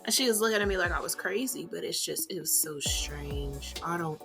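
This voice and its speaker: A woman's voice: lowish voice, expressive, normal speed, creaky, sharp tone, faint music behind. A young woman chatting casually while doing her makeup, rambling with plenty of fillers. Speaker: beauty vlogger.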